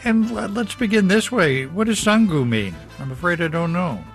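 Male interviewer, higher voice, polite, formal, faint music behind. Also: big pitch swings, normal speed. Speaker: radio host.

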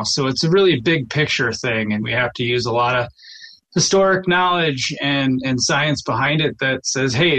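A man with a mid-pitched voice answers an interviewer's question about his work as a forester. He talks in a plainspoken way, restarting sentences and filling pauses with ums and you knows. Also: fairly bright tone, low-quality recording.

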